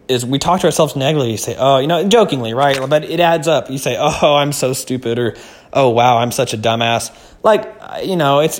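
A young man from the United States hosting a casual solo podcast, laid-back and slangy, often calling the listener "man" or "dude". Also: mid-range voice. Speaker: podcast host.

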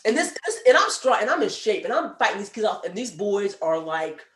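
A woman in her forties, a podcast guest, telling stories in a lively, emphatic way and laughing now and then. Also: mid-range voice, a little fast, roomy sound. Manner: animated storyteller, emphatic and laughing. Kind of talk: casual chat.

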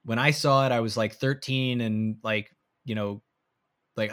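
A man's voice: medium pitch, fairly even intonation, measured pace, clear, resonant tone. Rambling man on a movie podcast. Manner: rambling, many fillers, trailing off softly. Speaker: podcast co-host. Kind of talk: casual movie review chat.

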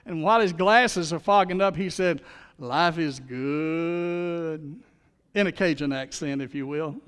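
A man's voice: high voice, a bit bright, long reverb tail. A man preaching a sermon as pastor, in a folksy, storytelling manner.

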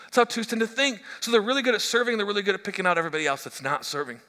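Lively preaching man in an echoey hall. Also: sits high, rapid-fire. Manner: animated, joking, stammering restarts. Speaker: pastor. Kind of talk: sermon. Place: church hall.

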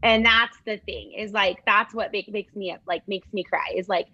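A woman's voice: mid-range voice, steady tone, moderate pace, bright, forceful tone, dull audio. A woman hosting a podcast interview, affirming her guest with short responses and reflective comments. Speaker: podcast host. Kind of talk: interview chat.

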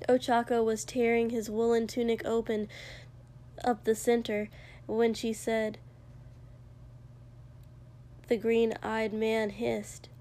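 A woman narrating a fiction story aloud in a measured, expressive way. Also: on the high side. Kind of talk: audiobook fiction reading.

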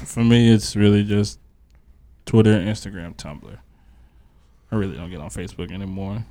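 A man's voice: on the low side, moderate pace, mellow. A male podcast host telling a story in casual chat, animatedly acting out both sides of a quoted argument.

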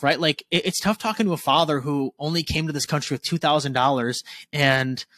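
A man in his twenties talking candidly as a podcast guest, casual and animated, swearing freely. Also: mid-range voice, no echo. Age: 20s.

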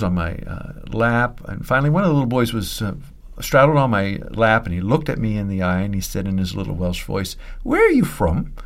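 A man from Pennsylvania, a seminary professor and preacher, telling a story in an unhurried podcast conversation with fillers. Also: lowish voice.

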